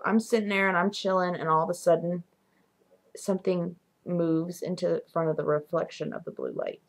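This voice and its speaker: Gravelly-voiced young woman telling ghost stories. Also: lowish voice. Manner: animated, drops to whispers at spooky moments. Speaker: vlogger. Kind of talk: casual storytelling.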